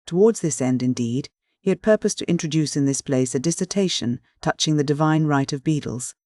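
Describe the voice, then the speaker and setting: A man narrating a classic novel in a formal, measured reading style, close to the microphone. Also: on the high side, a little mellow, no echo. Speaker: audiobook narrator. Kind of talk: scripted narration.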